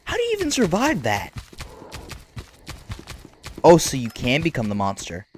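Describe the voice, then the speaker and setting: A gaming YouTuber giving unedited play-by-play commentary, talking in casual slang and reacting loudly to what happens on screen. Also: mid-range voice, normal speed, slight background noise. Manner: excitable, reacts loudly to game events; casual slang-filled chatter. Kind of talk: unedited live gameplay commentary.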